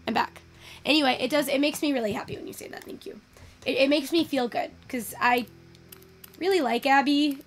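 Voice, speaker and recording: A young woman giving casual, excitable commentary while taking in-game photos, swearing freely and gushing over what she sees. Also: high voice, a little fast, soft background music. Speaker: virtual photography creator.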